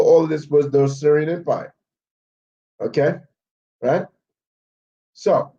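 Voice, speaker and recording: Male Bible teacher with a warm, dark voice, leading a live study and checking in often with listeners. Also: mid-range voice, dull audio. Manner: checks in with frequent "okay?"; walks through maps and word studies on screen. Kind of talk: live Bible history lesson.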